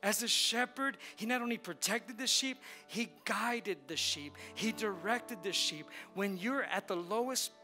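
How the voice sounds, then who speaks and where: Bright high-voiced male pastor preaching. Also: measured pace, hardly any pauses, soft background music. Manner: leads congregation in call-and-response; emphatic, repetitive preaching. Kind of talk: sermon. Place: church sanctuary.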